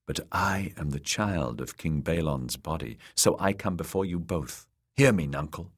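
A man's voice: fairly low pitch, sing-song, moderate pace, fairly bright tone, heavily acted. A man reading an audiobook, voicing a confident young woman warrior who teases her uncle. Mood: teasing. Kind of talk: audiobook character voice.

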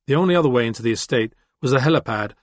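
A man reads fiction aloud in a measured, steady narration at a mid pitch. The recording is dry and close, with no room sound. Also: no echo. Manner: measured, descriptive reading. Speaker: audiobook narrator. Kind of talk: scripted narration.

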